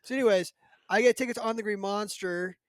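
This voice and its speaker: A high-pitched man hosts a casual podcast, rambling through a story with lots of fillers and animated asides. He sounds like a man in his thirties. The recording is close and dry, with no room sound. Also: a little fast, no room sound. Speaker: podcast host.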